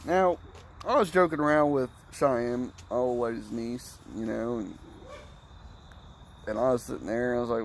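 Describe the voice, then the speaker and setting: Poor audio with a little hiss or hum captures a man speaking at a moderate pace in a medium-pitched voice with vocal fry. He casually and animatedly retells rambling family stories, cursing freely and slipping into others' voices.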